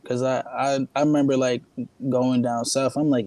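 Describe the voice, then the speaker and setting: Laid-back gravelly-voiced man from New Jersey. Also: fairly high pitch, brisk, warm tone, poor audio. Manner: laid-back, many fillers like um and like. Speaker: musician guest. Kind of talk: casual interview chat.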